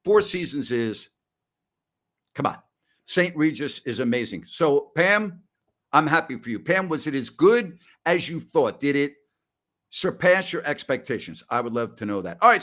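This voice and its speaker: A man's voice: fairly high pitch, big pitch swings, moderate pace. A middle-aged man hosting a sports talk stream, chatting casually in a rambling, blustery way. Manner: rambling, blustery, breaks into loud mock rants. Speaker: sports talk show host. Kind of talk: casual live-stream chat.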